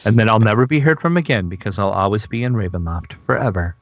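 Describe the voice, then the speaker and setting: A man co-hosting a casual gaming news podcast, excitable and gushing, laughing often. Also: on the low side, moderate pace, no echo, muffled recording. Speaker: podcast co-host.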